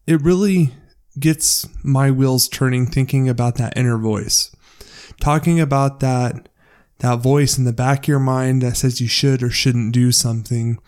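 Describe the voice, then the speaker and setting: A man's voice: mid-range voice, fairly even intonation, measured pace, a little mellow. A man co-hosts a casual podcast conversation. He keeps it loose and joking, and he drops in the odd swear word as he talks. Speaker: podcast co-host.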